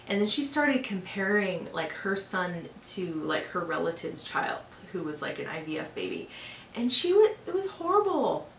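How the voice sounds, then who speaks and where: A young woman telling a personal story in a casual vlog, chatty and full of filler words, growing exasperated at times. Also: on the low side. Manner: chatty, lots of fillers, exasperated when retelling. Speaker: vlogger. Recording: echoey room, a bit far from the mic, faint hiss.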